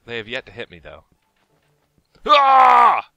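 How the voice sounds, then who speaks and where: A man hosting a casual game let's-play who is excitable and yelps and swears when attacked. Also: on the low side, a little slow, dry recording. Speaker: Minecraft let's-play host. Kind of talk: casual gaming chat.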